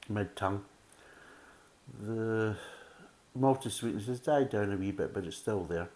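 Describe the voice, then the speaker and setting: A man's voice: on the low side, measured pace, a little mellow. A man giving a casual, methodical beer tasting review, full of "kind of" fillers.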